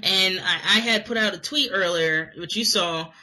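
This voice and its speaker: Young Scottish man, high voice, rambling, hesitant, casual chat. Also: moderate pace, bright, forceful tone, poor audio. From Scotland. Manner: rambling, hesitant, many fillers. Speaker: podcast co-host.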